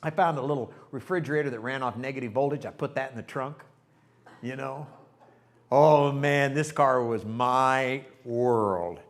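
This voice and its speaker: Older male pastor, folksy and animated storyteller, plain mid-range voice, church sermon. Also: mid-range voice, moderate pace. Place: church sanctuary.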